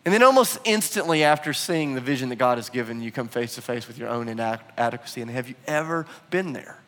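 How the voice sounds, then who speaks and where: A man preaching a sermon, telling a personal story with animated, acted-out quotes. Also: medium pitch, fast talker. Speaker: pastor. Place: church hall. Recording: long hall reverb.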